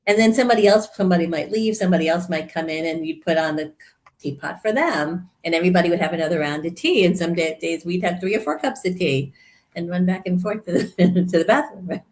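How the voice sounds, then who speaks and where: A woman in her sixties, a therapist and coach, chatting as a guest and telling her story with animated warmth and frequent laughter. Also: fairly low pitch, fast. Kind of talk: casual conversational interview.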